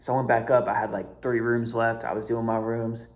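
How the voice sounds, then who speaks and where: A young man in a casual storytime monologue, his voice sitting at an ordinary middle pitch. He talks in a slangy, exasperated way, full of filler words and the odd curse. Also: flat delivery, a little fast. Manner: slangy and exasperated, peppered with "like" and "bro", swears freely. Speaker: storyteller vlogger.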